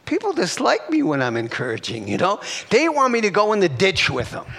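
Older man, pastor delivering a sermon, lively swooping delivery, breathy exclamations. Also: high voice, fairly quick, in a large hall. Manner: exclamatory, breathy whews and chuckles between phrases. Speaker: preacher.

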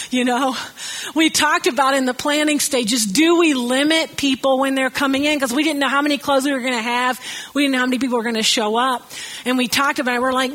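A high-pitched woman from the American South speaks to her church congregation. She gives announcements in a chatty, storytelling manner and laughs easily along the way. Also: fairly bright tone, rough recording.

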